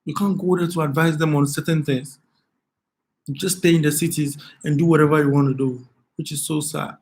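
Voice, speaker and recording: A man speaks in a somewhat high voice, talking straight to viewers on a live stream. His delivery is impassioned and earnest, and he circles back to the same phrases again and again. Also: fairly even intonation, fairly quick, a little mellow. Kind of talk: emotional live stream commentary.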